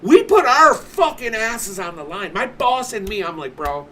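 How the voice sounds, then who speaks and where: A man's voice: high voice, sing-song, moderate pace, bright, forceful tone, slight background noise. A man streaming from home, telling a story in casual chat, swearing constantly and ranting with animation.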